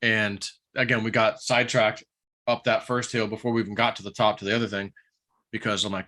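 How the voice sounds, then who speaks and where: A man's voice: on the low side, little pitch movement, a little fast, sharp tone. A middle-aged man in casual chat, hosting and telling stories, often acting out what he said before. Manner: chatty storyteller, acts out his own past words. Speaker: host.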